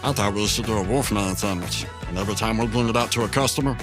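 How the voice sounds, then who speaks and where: A woman co-hosting a podcast, goofily pitching ideas in an improvised comedy sketch. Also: quick pace, over music. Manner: goofy, playful pitching of ideas. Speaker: podcast co-host.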